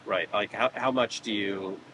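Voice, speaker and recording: A man hosting a podcast, asking calm, probing questions and often agreeing briefly. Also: fairly low pitch, a little slow. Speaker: podcast host. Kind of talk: conversational questioning. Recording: background noise.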